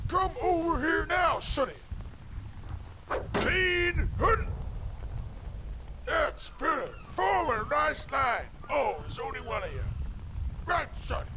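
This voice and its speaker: An actor playing a gruff male army officer who recruits soldiers and barks orders, heard as game audio over music. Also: very high-pitched, noisy background, heavily acted.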